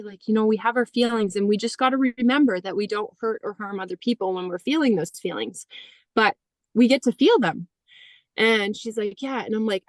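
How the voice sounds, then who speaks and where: A woman in her thirties telling a personal story in conversation, animated, quoting herself and others and saying "like" often. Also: fairly high pitch, dry recording. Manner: animated, heavy use of "like", acts out quoted dialogue. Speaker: podcast guest.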